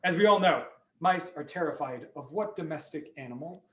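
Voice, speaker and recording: A man telling a story on a video call, lively and full of sound effects and character voices. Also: on the high side, brisk, roomy sound, slight background noise. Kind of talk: animated storytelling for families.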